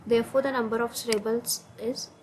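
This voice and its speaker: A woman with an Indian English accent walks through assignment answers, hesitant and filling pauses with "uh". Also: on the high side, fairly even intonation, darkish tone, slight background noise, low-quality recording. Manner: hesitant, many uh fillers, non-native grammar. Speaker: student explaining assignment answers. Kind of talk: screen-recorded answer walkthrough.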